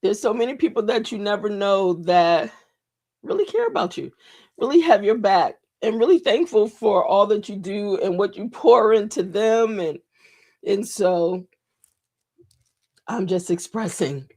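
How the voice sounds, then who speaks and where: A woman's voice: mid-range voice, unhurried, warm tone. Heartfelt woman hosting a live show. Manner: emotional, heartfelt, repeats phrases for emphasis. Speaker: host of a live morning show. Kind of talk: live-stream talk to viewers.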